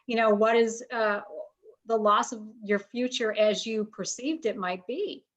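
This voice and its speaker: A woman hosting a podcast, talking in a gentle, searching way with many fillers. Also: on the high side, unhurried. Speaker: podcast host. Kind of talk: casual interview chat. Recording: dull lo-fi sound.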